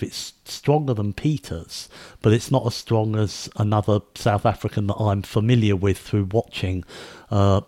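A man's voice: fairly low pitch, darkish tone, no room sound. A man hosting a podcast, talking in a rambling way with many fillers and restarts. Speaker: podcast host. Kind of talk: casual podcast chat.

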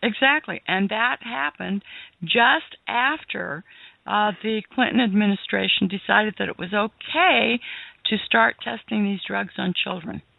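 A woman speaks as a radio guest in an earnest, halting way, restarting her phrases often. Her voice is strongly gravelly and creaky. It comes through a dry, narrow, phone-like line. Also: mid-range voice, no room sound. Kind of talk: radio interview.

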